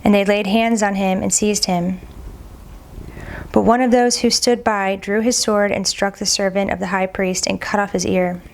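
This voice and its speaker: A woman reading scripture aloud at a steady, measured pace, sometimes stumbling on a hard name and repeating it. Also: medium pitch. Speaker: Bible reader.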